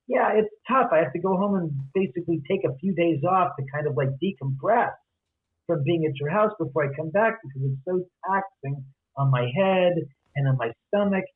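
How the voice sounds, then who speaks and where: A man's voice: on the high side, breathy edge. A man, a guest author, animatedly telling a story and acting out the other person's lines. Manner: acts out quoted dialogue. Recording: tinny phone-line audio.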